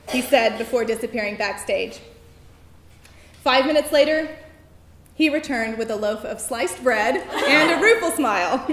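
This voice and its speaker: A woman telling a personal story on stage, in a wry, self-mocking and animated manner. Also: a little high, a little slow. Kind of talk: live personal storytelling performance. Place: theater stage before an audience. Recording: roomy venue echo, faint noise.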